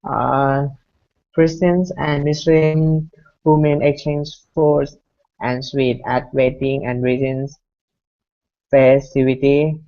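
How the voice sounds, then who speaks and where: A woman student reading aloud haltingly and repeating words after the teacher, over a video call. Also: rumbling low, little pitch movement, warm tone. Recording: muffled lo-fi call audio.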